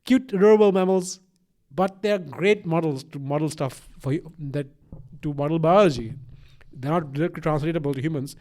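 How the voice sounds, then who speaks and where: A man's voice: a little high, moderate pace, hardly any pauses. A young man with a mixed accent chatting as a podcast co-host, rambling and swearing, with lots of restarts. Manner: rambling, profane, animated, many restarts. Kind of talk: casual chat.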